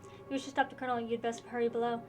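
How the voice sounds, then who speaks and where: A woman reading the lines of a composed masked male swordsman, with formal and measured phrasing. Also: fairly high pitch, level tone, darkish tone, close to an everyday voice. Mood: grave. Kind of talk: reading game dialogue aloud.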